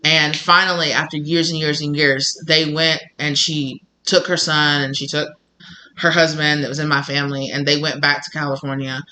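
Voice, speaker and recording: A man's voice: fairly high pitch, level tone, moderate pace, pushed and bright. A man with a Southern US country accent talking casually as a channel host, rambling and repeating himself while acting out quoted conversations. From Southern United States. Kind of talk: casual personal monologue.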